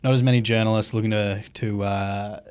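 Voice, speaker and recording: An Australian man from Queensland hosting a podcast interview, relaxed with dry humour. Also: lowish voice, fairly quick, clear, resonant tone, no echo. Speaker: podcast host. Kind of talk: casual interview chat.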